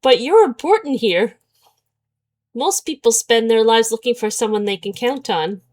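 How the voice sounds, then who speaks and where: A woman reading the lines of a calm, steady young man in a visual novel, with a soft, measured, matter-of-fact delivery. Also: on the high side.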